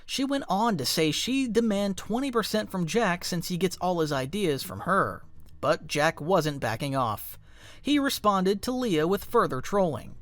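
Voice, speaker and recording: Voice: medium pitch, animated, unhurried, a bit bright, dry recording. A narrator reading a scripted online documentary in a punchy, conversational storytelling manner.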